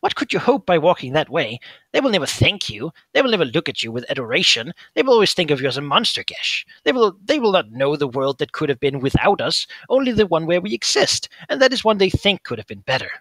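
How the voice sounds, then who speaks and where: A needy little demon who coaxes and wheedles, lifted high above its performer's own voice, as a man puts it on. The voice swoops about with lively pitch and carries a husky, bright edge. Its tabletop game master slips between narration and this creature. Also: fast, no echo, exaggerated voice. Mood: wheedling. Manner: wheedling, coaxing.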